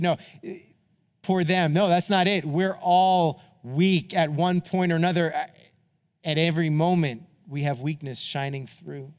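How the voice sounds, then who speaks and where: Earnest male pastor, high voice, hall echo. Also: steady tone, moderate pace, smooth. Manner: earnest, rising to impassioned appeals, then quiet and hushed in closing. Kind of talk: sermon.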